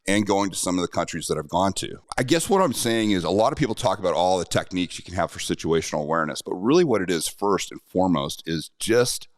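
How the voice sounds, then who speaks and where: A man's voice: sits low, expressive, fast talker, few pauses, dry recording, studio quality. A middle-aged man and self-defense instructor telling a personal story in a conversational, earnest way.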